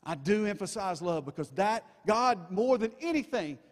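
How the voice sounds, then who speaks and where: Guy preaching in church, kinda high voice, big echoey hall ringing after every line, folksy asides. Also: lively intonation, moderate pace. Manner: emphatic, folksy asides to the congregation. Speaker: pastor. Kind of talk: sermon. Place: church sanctuary. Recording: long reverb of a church hall.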